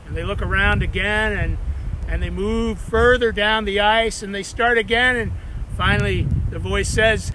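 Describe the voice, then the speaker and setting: A man's voice: high-pitched, fairly even intonation, normal speed, sharp tone, slight background noise, poor audio. A man, a pastor, telling folksy jokes and preaching a worship message outside in a meadow by the water.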